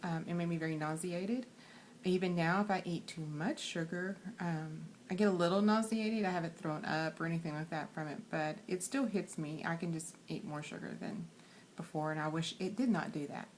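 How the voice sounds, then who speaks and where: A woman with a Texan accent talks to her camera in a casual vlog, earnest and a little shy. Her voice sits slightly low and she fills pauses with soft ums. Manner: soft-spoken, many fillers, earnest; quiet and shy. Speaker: weight loss surgery vlogger.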